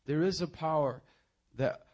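A young man preaching a sermon, moving from hushed, earnest appeals to loud, animated storytelling. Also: fairly high pitch, measured pace, highs cut off.

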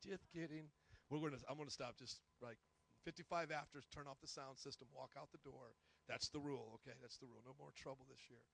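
A man preaching a humorous, animated storytelling sermon, joking and self-mocking as he goes. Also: medium pitch, fast, vocal fry.

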